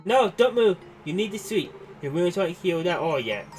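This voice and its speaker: A man's voice: very animated, normal speed, a bit bright, soft background music. A man putting on a worried little girl's pleading voice. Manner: high, pleading, emotional. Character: earnest, caring young girl, a worried little nurse. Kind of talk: reading game dialogue aloud.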